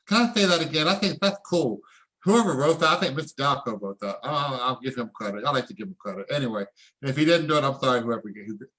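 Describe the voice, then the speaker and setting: Excitable male presenter with a bright, forceful voice, preachy, calls for audience responses. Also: on the high side, a little fast. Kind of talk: online sales presentation.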